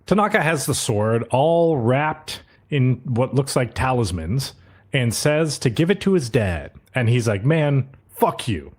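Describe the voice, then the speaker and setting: A man co-hosts a podcast and walks through an anime episode scene by scene in a casual recap. His pitch rises and falls a lot as he tells it, and he keeps slipping in quick quoted asides. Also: animated. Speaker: podcast co-host.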